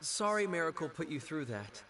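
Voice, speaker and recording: Kind young hero, high bright voice, bounces all over, gentle and reassuring. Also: male voice, very animated, normal speed, a little hiss or hum. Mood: scolding. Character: friendly young male hero, kind and upbeat. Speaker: game character.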